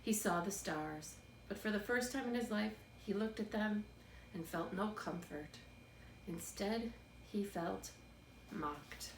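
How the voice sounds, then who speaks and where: A woman narrating a children's book in a steady, expressive read-aloud. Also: medium pitch, takes it slowly. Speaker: storybook reader. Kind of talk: scripted narration. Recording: roomy, distant mic, faint background noise.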